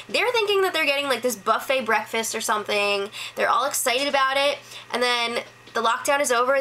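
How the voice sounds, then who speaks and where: Chatty woman doing a casual recap, bright sharp voice, kinda high, says like a lot. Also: slight background noise, poor audio. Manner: chatty, lots of "like" fillers, quick mimicry of others. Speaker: reality show recap host.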